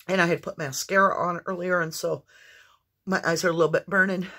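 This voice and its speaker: A woman's voice: fairly low pitch, fairly even intonation, brisk, a bit bright. A woman giving an intuitive tarot reading to viewers, earnest and exclamatory, with fits of coughing. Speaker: tarot reader.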